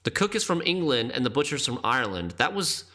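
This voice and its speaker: A man's voice: mid-range voice, sing-song, fast, pushed and bright. A man streaming a game, chatting casually and thinking aloud as he plays, often laughing.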